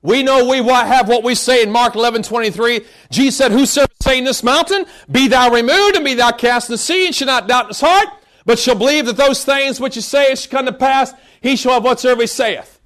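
A man preaching a sermon, emphatic and scolding, bursting into shouts and stretching words for emphasis. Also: very high voice, a little fast.

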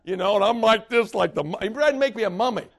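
A man preaching a sermon with a notably high voice for a man. He tells folksy stories in an animated, laughing way, and his voice swings between loud outbursts and quiet asides. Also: quick pace, gravelly.

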